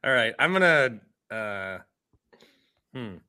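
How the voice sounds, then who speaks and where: Bright-voiced man in sports banter. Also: medium pitch, sing-song, slow pace, clear, resonant tone. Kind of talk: casual sports chat.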